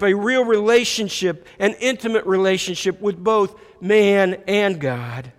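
A man preaching a sermon, retelling a story reflectively with repeated phrases. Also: high voice. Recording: echoey hall reverb.

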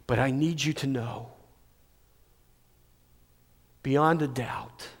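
A male pastor preaching a sermon, moving between loud emphatic peaks and hushed, near-whispered passages. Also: mid-range voice, a little slow. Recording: long hall reverb.

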